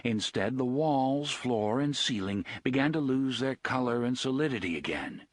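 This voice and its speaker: Husky male audiobook narrator. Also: mid-range voice, moderate pace, no room sound, clean studio sound. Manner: expressive, steady reading.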